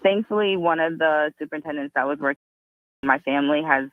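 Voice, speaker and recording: A woman calling a radio show for the first time, telling a personal story earnestly and quickly. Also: low voice, no room sound. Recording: tinny phone line.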